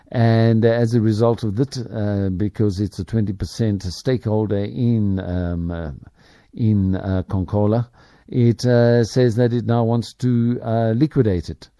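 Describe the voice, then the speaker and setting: Low mellow man, rambling business host. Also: no room sound, studio quality. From Africa. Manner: rambling, many fillers and restarts. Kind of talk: opinionated business commentary.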